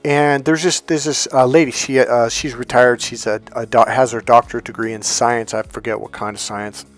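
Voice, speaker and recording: Over soft background music, a middle-aged man coaches in a medium-pitched voice with flat delivery at normal speed. The self-help coach delivers an emphatic, spontaneous, storytelling monologue, performing the dialogue he quotes.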